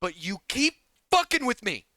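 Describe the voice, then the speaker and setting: A man's voice: very high-pitched, very animated, pushed and bright, dry recording. A man coaching players, ranting in an exasperated way, swearing and repeating himself. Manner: profane, exasperated, rapid repetitive ranting. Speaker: game coach. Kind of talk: coaching session rant.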